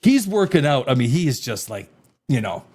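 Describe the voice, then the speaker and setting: A man's voice: medium pitch, big pitch swings, normal speed, darkish tone. A man hosting a casual live-stream TV review, rambling and exasperated, with sarcastic asides. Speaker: TV show reviewer, host.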